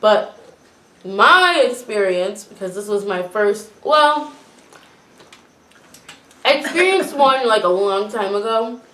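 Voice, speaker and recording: A young American woman from Florida chatting with her roommates, telling a story with lively, shrieking acted-out quotes. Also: medium pitch, slow, pauses often, echoey room. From Florida, USA. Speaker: vlogger. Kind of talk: casual chat, mukbang.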